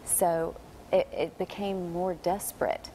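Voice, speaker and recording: Female interview guest, low pitch, earnest, faint noise behind. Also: fairly even intonation, slow, mellow, poor audio. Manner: earnest, reflective storytelling. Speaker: talk show guest.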